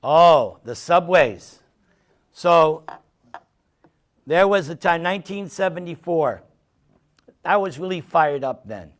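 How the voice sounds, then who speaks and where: A man with a somewhat high voice speaks slowly and pauses often while answering an audience's questions and telling them humorous, lively stories in a casual talk.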